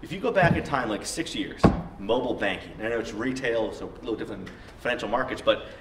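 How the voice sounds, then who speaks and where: A man on a discussion panel, telling a lively story in casual conversation. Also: on the low side. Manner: animated storyteller, quick and lively. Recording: echoey room, distant mic, faint noise.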